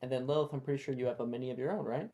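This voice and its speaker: A man narrating a tabletop game as game master, with many fillers and pauses. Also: medium pitch, mellow. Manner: slow, halting, lots of fillers.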